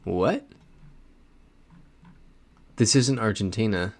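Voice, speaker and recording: Low-voiced man chatting on a livestream. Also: takes it slowly. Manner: chatty, reads chat messages aloud while playing. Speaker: livestream host. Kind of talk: casual live-stream chat.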